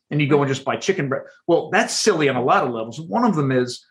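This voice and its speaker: A man with a fairly high speaking voice talks as a podcast guest, explaining his points with lively energy. He often stumbles and restarts his sentences as he goes. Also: fast talker, hardly any pauses. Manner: animated explainer, frequent restarts. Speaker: guest author. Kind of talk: podcast interview.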